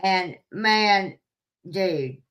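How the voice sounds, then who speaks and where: A woman telling a story to her viewers in a casual, animated way, swearing freely and laughing at herself. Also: mid-range voice, very slow. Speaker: streamer talking to live chat.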